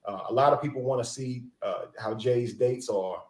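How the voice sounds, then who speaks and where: A man hosting an interview show, talking in an animated, encouraging way. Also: mid-range voice, normal speed, echoey room. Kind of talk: casual interview chat.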